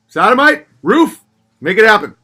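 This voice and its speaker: Man, thirties, livestream host, sardonic, mocking voices, high-pitched. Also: sing-song, moderate pace, sharp tone. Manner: sardonic, swings between mocking voices and low mutters. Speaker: livestream host reading viewer messages. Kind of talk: casual livestream chat.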